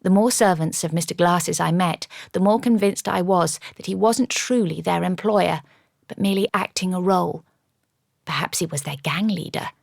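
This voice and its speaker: A woman narrating a first-person audiobook in a measured, even storytelling manner. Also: fairly low pitch, creaky, dry recording. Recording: dry studio audiobook.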